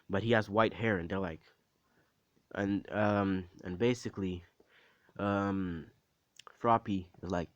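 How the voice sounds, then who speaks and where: A man casually improvising a fan story, rambling with fillers and asides to the listener, in a low voice.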